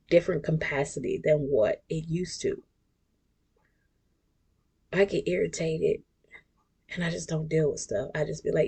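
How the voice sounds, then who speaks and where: A woman's voice: on the low side, creaky, a little mellow, breathy edge. A woman, hosting her own podcast as a casual monologue that is chatty and emphatic, with laughs and whispered asides. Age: 40s. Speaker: podcast host.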